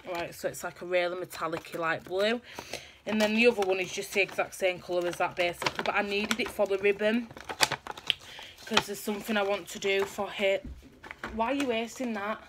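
A young woman talks through her haul in a loose, chatty show-and-tell way. Her voice sits at a middle pitch for a woman. The home recording carries clear background noise throughout. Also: steady tone, brisk. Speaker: vlogger showing a haul. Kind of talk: casual chat.

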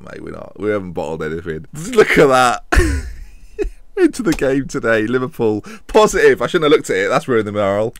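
A young man commentating his own football management game, jokey and self-mocking, swinging between excitement and muttered asides. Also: mid-range voice, no room sound, clean studio sound. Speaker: gaming commentator. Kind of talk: casual gameplay commentary.

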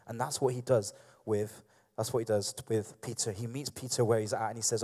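A man's voice: fairly low pitch, steady tone, brisk, dark tone, husky, big-room sound. A man preaching a sermon with passion, repeating phrases and acting out the voices of those in the story. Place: church.

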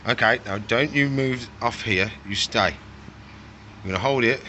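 A man's voice: mid-range voice, measured pace, bright, forceful tone, slight background noise. A young man keeping reptiles, chatting casually as he feeds them and coaxes and scolds them in a playful way. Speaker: reptile keeper feeding his animals. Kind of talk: casual vlog narration while working.

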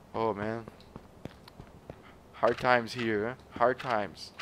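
A man from Brazil with a Brazilian accent, a gamer joking his way through gameplay commentary with playful teasing and sudden excited yelps. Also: on the low side, very slow, noisy background. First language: Portuguese. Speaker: gamer hosting a let's play channel.

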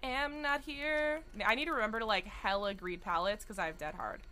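A young woman streaming a game, chatting excitedly with viewers and breaking into sing-song outbursts. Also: medium pitch, fast talker, slight background noise. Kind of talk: live gameplay commentary. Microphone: studio desk mic.

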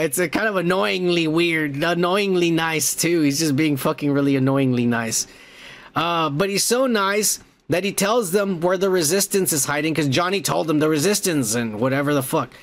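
High-voiced man casually recapping a movie. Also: moderate pace, a bit bright. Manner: rambling, profane, laughing. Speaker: podcast host.

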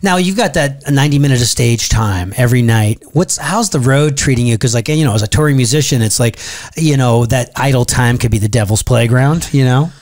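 A man's voice: mid-range voice, a little fast, hardly any pauses, a little mellow. Upbeat man hosting a podcast interview. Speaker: podcast host. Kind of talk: casual interview chat.

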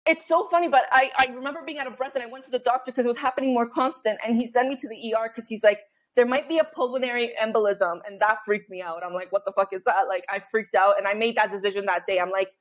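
A woman in her thirties, a podcast guest telling candid stories in an animated way, acting out her own inner voice and laughing often. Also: a little high, fast, hardly any pauses, muffled recording. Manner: animated storytelling, frequent laughter and quoted inner voice.

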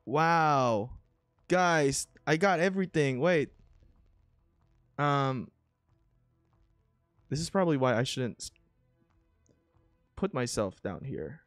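Slow-talking excitable gamer guy. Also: on the high side, dry recording, studio quality, soft background music. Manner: excitable, swings from grumbling to thrilled. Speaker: gamer commentating his own play. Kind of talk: casual gameplay commentary.

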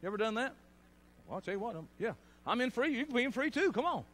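A middle-aged man, preaching a sermon with storytelling and loud bursts. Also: very high voice, sing-song, quick pace.

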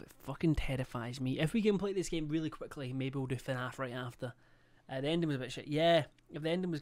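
A young man livestreaming a game, chatting casually, swearing a lot and reading out chat and subscriber messages. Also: mid-range voice. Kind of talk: casual live-stream chat.

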